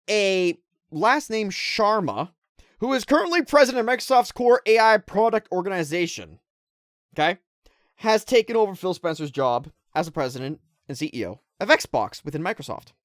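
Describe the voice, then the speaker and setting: A woman with a fairly low voice rants to her viewers in casual gaming commentary, audibly irritated and firing off rhetorical questions. Her pitch swings widely as she talks. The sound is dry and close, with no room around it. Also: animated, moderate pace, no room sound. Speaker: gaming video creator.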